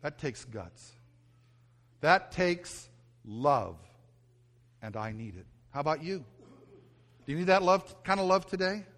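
A man's voice: fairly high pitch, lively intonation, takes it slowly, pauses often. A middle-aged male pastor preaching a sermon, telling stories about himself and mocking himself as he goes. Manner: storytelling, self-mocking, acts out his own yelling.

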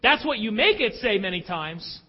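A man's voice: sits high, big pitch swings, moderate pace, slightly rough, long reverb tail, dull audio. A male pastor preaching an emphatic, confessional sermon full of rhetorical questions.

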